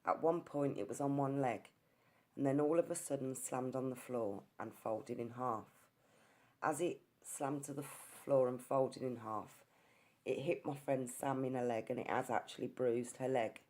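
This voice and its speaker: This ghost hunter from England speaks in a bass, somewhat mellow tone. Her account of a ghost hunt is earnest and story-like, with occasional restarts mid-phrase.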